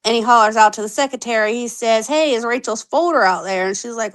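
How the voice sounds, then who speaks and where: A woman in her thirties telling her own story candidly on a podcast, animated, acting out the voices she quotes and swearing freely. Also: fairly high pitch, quick pace, hardly any pauses, low-quality recording. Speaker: podcast guest.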